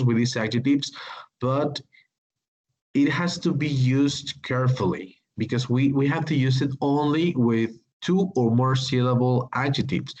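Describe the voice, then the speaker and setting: A man teaching an English grammar class online, speaking slowly and hesitantly, with many fillers and apologies. His first language is Spanish. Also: mid-range voice, darkish tone, rough recording.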